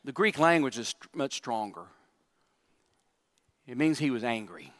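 A man's voice: mid-range voice, sing-song, measured pace, fairly bright tone, big-room sound. A man preaching a sermon as pastor, emphatic, with repetitions and asides to the congregation.

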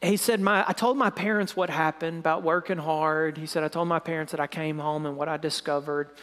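A man preaching, retelling a dramatic story in sermon style and dropping to a soft, low voice at the emotional moments. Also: fairly even intonation, brisk. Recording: long hall reverb.

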